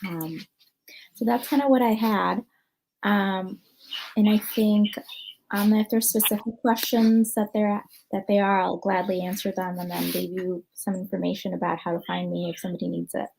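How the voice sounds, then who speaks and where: An American woman psychologist speaking at an online conference over a video call. She answers questions in a loose, conversational way, filling pauses with ums and you-knows as she thinks aloud, at an ordinary mid-range pitch. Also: level tone, gravelly, a little mellow, a little hiss or hum, poor audio. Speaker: clinical psychologist.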